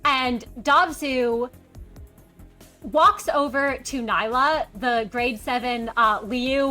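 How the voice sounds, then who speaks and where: A woman narrating a tabletop game as game master, lively and voicing characters in quotes. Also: fairly high pitch, slow pace, faint music behind.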